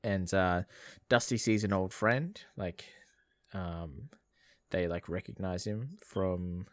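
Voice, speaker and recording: Australian male co-host, deep and rambling, says "bloody" a lot, dry close mic. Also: slow, no echo. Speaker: podcast co-host. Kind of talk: casual movie recap chat.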